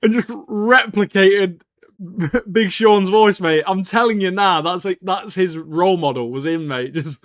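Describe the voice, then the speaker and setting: A man's voice: high voice, a little slow, no echo, clean studio sound. A man, co-hosting a podcast in casual, jokey banter and ending phrases with "mate". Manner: laid-back and jokey, ends phrases with "mate". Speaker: podcast co-host. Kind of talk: casual banter about anime and TV.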